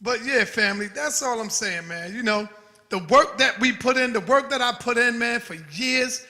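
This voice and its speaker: A man's voice: very high-pitched, moderate pace, pushed and bright, in a large hall. A man hosting his own channel, delivering a defiant, profane rant to his audience. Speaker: channel host. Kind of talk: heated livestream rant.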